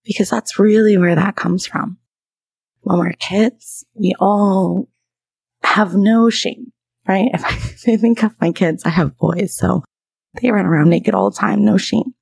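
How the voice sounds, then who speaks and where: Woman therapist host, husky voice, a bit of vocal fry, dry close sound, candid chatty delivery. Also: medium pitch, unhurried, darkish tone, dry recording. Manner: candid, chatty, laughs often. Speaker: podcast host and trauma therapist. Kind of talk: casual solo podcast talk.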